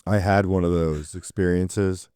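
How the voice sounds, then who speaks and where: A man's voice: sits low, fairly even intonation, measured pace, dark tone, smooth, no echo, studio quality. A man co-hosting a casual chat, mostly answering with short supportive replies.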